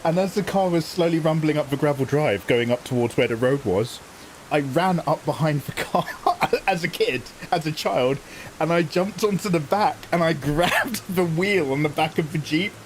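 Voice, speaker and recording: Male streamer, slightly high voice, cheeky and jokey, laughs easily while chatting to chat. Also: moderate pace, slight background noise, rough recording. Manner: playful, jokey, laughing often, hamming up mangled French. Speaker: game livestreamer. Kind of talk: casual live-stream chat to viewers.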